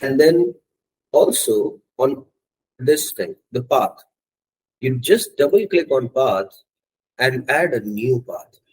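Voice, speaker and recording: A man teaching a software testing course, walking students step by step through setting up Java and often checking in with "okay" and "right". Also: mid-range voice, expressive, slow, pauses often, breathy edge, rough recording. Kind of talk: screen-share coding tutorial.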